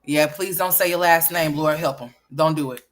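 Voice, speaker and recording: A woman's voice: low voice, moderate pace. A woman hosting a casual livestream, playfully scolding and teasing her young sons. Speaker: livestream host.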